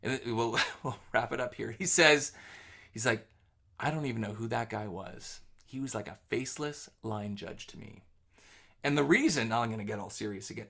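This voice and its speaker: A man's voice: a little high, sharp tone. A man hosting a live webinar, telling an anecdote casually with lots of fillers before summing up sales tips. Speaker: host.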